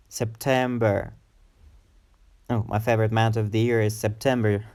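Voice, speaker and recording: A man's voice: fairly low pitch, steady tone, darkish tone. A man teaching an English pronunciation lesson, saying each word several times in a row for the learner to repeat. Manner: slow, drilling words with repetition.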